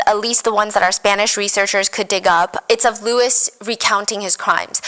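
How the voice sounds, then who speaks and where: A woman hosting a podcast, retelling a true crime story in a casual, animated way with wry asides. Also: medium pitch, rough recording. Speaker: podcast host.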